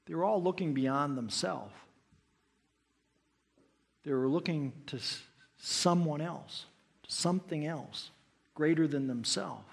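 A middle-aged man preaching a sermon as pastor, telling stories and swinging between loud emphasis and hushed asides. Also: a little high, slow, gravelly, pauses often, husky.

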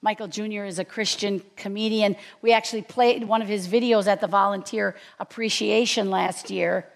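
A woman preaching a sermon in a church, earnest and deliberate, sometimes dropping to a near-whisper. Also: mid-range voice, fairly even intonation, vocal fry. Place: church sanctuary. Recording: long reverb in a large hall.

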